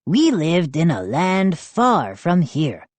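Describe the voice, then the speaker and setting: A woman voicing a small, pleading male lawn gnome with a raspy voice, speaking slowly and earnestly. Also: lowish voice, huge pitch swings, a little mellow, no room sound, exaggerated voice.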